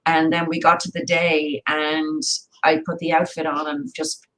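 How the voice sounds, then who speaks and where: A woman co-hosting a casual spiritual chat, telling her stories in an earnest, animated way. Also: sits low, measured pace, poor audio. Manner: earnest storytelling, animated retelling. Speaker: co-host and singer.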